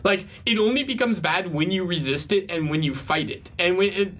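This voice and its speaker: A man's voice: high-pitched, moderate pace, a bit bright. A young man co-hosting an advice show, answering viewer questions in a chatty way with frequent laughs and fillers. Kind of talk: casual advice talk.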